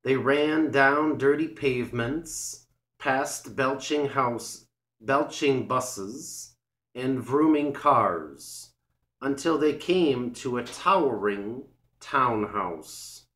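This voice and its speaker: A man reads a storybook aloud for English learners, slow and deliberate, each word set out clearly. His voice is mid-pitched. A roomy echo hangs around it. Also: fairly bright tone. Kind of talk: scripted storybook narration.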